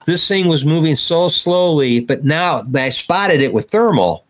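A man's voice: on the high side, a little slow. Man telling a vivid field story. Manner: animated, acts out quoted dialogue; detailed, recounting step by step with restarts. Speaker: podcast guest. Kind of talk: conversational storytelling.

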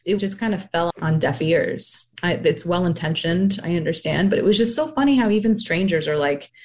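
A woman in her thirties, a podcast guest speaking frankly about motherhood, animated when she quotes other people. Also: fairly low pitch, moderate pace. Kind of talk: candid personal storytelling.

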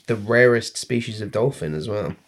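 A man's voice: fairly low pitch, lively intonation, normal speed, slight background noise. A British man co-hosting a casual podcast, talking bluntly and swearing freely. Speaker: podcast co-host. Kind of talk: casual chat.

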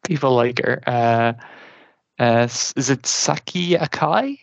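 A man's voice: mid-range voice, slow pace, vocal fry, dry recording. A man on a trivia podcast, chatting casually and hesitating, groaning and making fun of himself. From Ireland. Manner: self-deprecating, groaning, hesitant with many ums. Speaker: quiz contestant.

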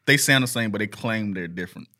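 A man's voice: on the low side, sharp tone. Laid-back American man as podcast co-host, offhand, laughs easily. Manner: offhand, quick to laugh, trailing off. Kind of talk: casual chat.

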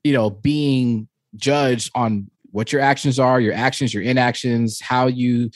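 A man in his thirties co-hosting a casual podcast, telling stories in an animated way with many fillers and bursts of laughter. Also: medium pitch, measured pace, no echo, clean studio sound. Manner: animated storyteller, frequent fillers, laughs while talking. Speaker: podcast co-host.

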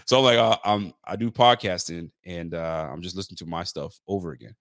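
A young man hosting a casual sports podcast, telling stories with lively mimicked quotes and loose slang. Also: low-pitched, fast talker, few pauses, dry recording, studio quality. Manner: loose street slang and swearing. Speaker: podcast host. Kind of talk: casual sports talk chat.

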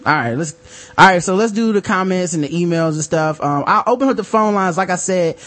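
Man, podcast co-host, brash, teasing, slightly high, very expressive. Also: a little fast. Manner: brash, teasing, provocative jokes. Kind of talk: casual comedic podcast chat.

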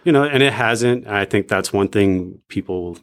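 Deep-voiced reflective man talking. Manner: reflective, halting, many "like" fillers. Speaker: podcast guest. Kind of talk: casual faith podcast chat.

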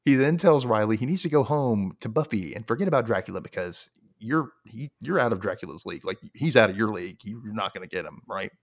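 A man hosting a podcast, recapping an episode in casual chat, animated and quick to laugh. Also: fairly low pitch. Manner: animated storytelling, laughs often. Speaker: podcast host.

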